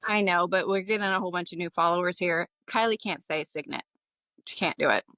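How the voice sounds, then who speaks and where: A woman's voice: on the low side, fairly quick, bright, forceful tone, no echo. A woman co-hosting a casual book-club podcast, teasing and enthusiastic. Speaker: podcast co-host.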